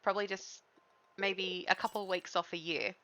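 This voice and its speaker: A woman's voice: mid-range voice, steady tone, normal speed, sharp tone. Chatty Australian woman streaming a game. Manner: chatty, giggly, easygoing. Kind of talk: casual chat while gaming.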